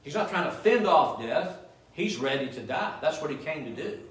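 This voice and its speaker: The speaker is a male pastor preaching in a church sanctuary, his voice on the high side, animated, and at a normal pace. He often asks the congregation "Amen?", and the distant mic catches plenty of room echo.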